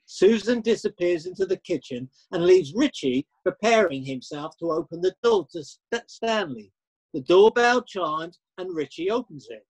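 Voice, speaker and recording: Man, narrator, scripted narration, matter-of-fact, high husky voice. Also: animated, moderate pace, low-quality recording.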